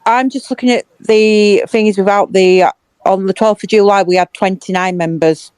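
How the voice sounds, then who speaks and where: A woman's voice: mid-range voice, fairly even intonation, normal speed, a little mellow, clean tone, no room sound, low-quality recording. A woman on a casual football fan podcast, checking facts and counting up figures. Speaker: podcast co-host.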